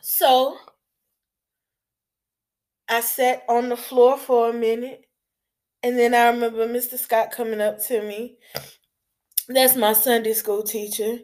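A woman telling a personal story to an audience in a casual, blunt way, halting and repeating her words, with a touch of swearing. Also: on the high side, flat delivery, a little mellow.

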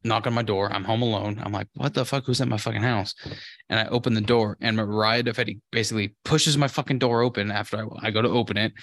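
A man's voice: fairly low pitch, expressive, brisk, gravelly, a bit bright, dry recording, studio quality. A young man on a podcast, telling a rambling story full of filler words and swearing. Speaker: podcast co-host. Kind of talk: casual podcast chat.

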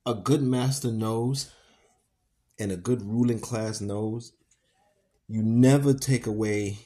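A man reading a novel aloud and adding his own commentary, with fillers, pauses and self-corrections. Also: fairly low pitch, fairly even intonation, dark tone. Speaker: podcast reader and commentator.

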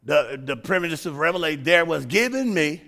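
A male pastor preaching a sermon, building to shouts and sung, chanted phrases. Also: a little high, lively intonation, a little fast, gravelly.

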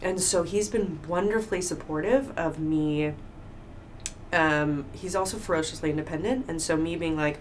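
A woman talking openly in a casual conversation, telling personal stories with lively acted-out quotes. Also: sits low, normal speed. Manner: open, animated storytelling with acted-out quotes. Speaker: guest. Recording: faint background noise.

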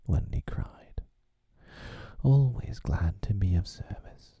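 A man reading a children's story aloud as a whispered role-play for an ASMR audience, with a gravelly whisper. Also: on the low side, lively intonation, slow, no echo, muffled recording.

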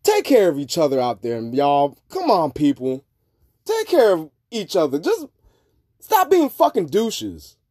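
A man hosting a podcast, talking in a rambling, profane monologue that swings between low mutters and loud outbursts. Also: huge pitch swings, a little slow, dry recording, clean studio sound. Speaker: podcast host. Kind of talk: casual monologue.

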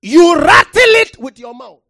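A preacher giving a sermon, shouting key phrases, then dropping to near quiet and calling on listeners to respond. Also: extremely high pitch, sing-song, unhurried, no room sound, studio quality. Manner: impassioned, shouting for emphasis with sudden drops to quiet; calls for audience response.

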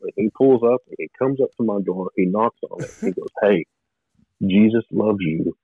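A man telling his own story as an interview guest, rambling and halting in an earnest, confessional way. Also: fairly low pitch, slightly rough, dry recording. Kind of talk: personal testimony in conversation. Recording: narrow phone-like line, dry.

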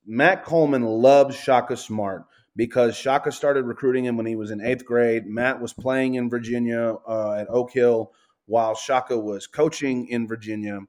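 A man ranting on a casual sports podcast, swearing and tripping over his words, saying he is high. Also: darkish tone. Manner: profane, ranting, stumbles and repeats words. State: says he is high. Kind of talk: heated casual sports talk.

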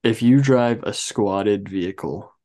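Podcast co-host, male, lowish voice, relaxed rambling movie chat. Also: measured pace. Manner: relaxed, rambling with trivia asides. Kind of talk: casual movie review chat.

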